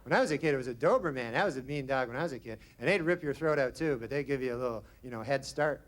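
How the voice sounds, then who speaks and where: A man doing stand-up comedy with a deadpan, rambling delivery. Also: mid-range voice, very fast. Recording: noisy live stand-up recording.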